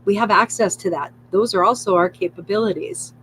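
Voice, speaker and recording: A woman leads her live spiritual session in a calm, coaxing voice, repeating soft affirmations in a steady chant. She drops casual curses into the guidance. A faint hum sits under the recording. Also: medium pitch, brisk, poor audio. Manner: soothing, repetitive affirmations with swearing and laughter. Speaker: spiritual livestream host.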